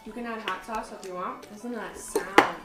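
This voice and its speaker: A young woman hosting a casual cooking vlog in her home kitchen, excitable and profane, jumping from loud outbursts to mumbled asides. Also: medium pitch, fairly quick. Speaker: vlog host. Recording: roomy kitchen with music behind.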